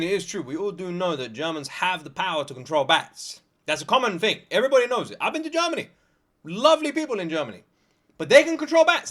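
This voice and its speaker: Excitable British guy reacting, lively voice. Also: high voice. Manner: excitable, joking, laughs a lot. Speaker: reaction video host. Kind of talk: casual reaction commentary.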